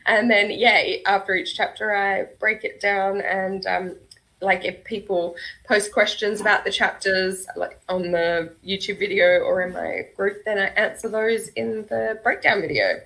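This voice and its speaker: Bright, chatty Australian woman. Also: medium pitch, steady tone, a little slow, creaky, low-quality recording. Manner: chatty, laughs often while talking. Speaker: guest author. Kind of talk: casual panel chat.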